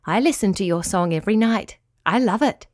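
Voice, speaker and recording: A woman's voice: mid-range voice, animated, brisk, dry recording, clean studio sound, lightly acted. Woman voicing a friendly little blackbird. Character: kind, cheerful young female blackbird.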